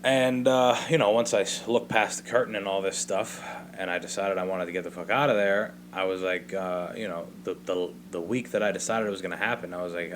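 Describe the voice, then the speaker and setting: This solo comedy podcast comes from a young host alone at a mic in a home basement, winding through a profane, meandering tale and ending points with "right?". He speaks in a very low, relaxed register with a steady tone, a little quickly, barely pausing. A soft hum runs beneath him.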